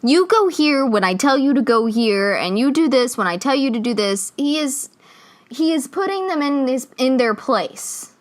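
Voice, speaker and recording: A woman co-hosts a podcast, chatting casually and telling stories with frequent laughter. Her voice sits a little high and swings widely in pitch. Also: moderate pace. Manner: animated, laughs often, tells stories. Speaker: podcast co-host. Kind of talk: casual chat.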